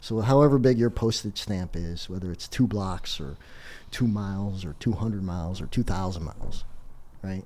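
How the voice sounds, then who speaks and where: A deep-voiced, middle-aged man appears as a podcast guest, telling a story at a moderate pace in casual conversation. He's animated and laughs often as he goes.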